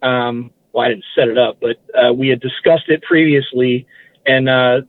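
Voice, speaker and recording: A man's voice: mid-range voice, fairly even intonation, moderate pace, no room sound. Man on a tinny phone line. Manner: rambling, self-correcting recollection. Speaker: guest. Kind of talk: casual interview chat.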